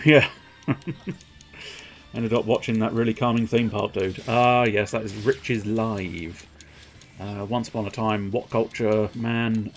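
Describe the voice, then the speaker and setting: Rambling man streaming a game. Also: lowish voice. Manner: rambling, self-mocking, breaks into silly voices. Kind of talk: casual live game commentary.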